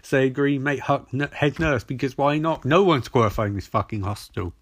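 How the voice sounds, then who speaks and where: A man's voice: mid-range voice, a little fast, dry recording. A man recapping a TV episode on his podcast in a casual, rambling way, swearing often and losing his place. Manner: rambling, profane, loses track. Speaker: podcast host.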